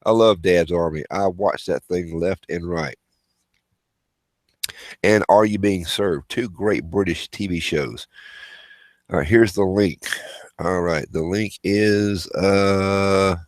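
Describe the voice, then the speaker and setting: A man's voice: low-pitched, takes it slowly, pauses often, no echo. A man hosting a casual livestream, rambling as he reads viewer chat and calls out names. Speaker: livestream host.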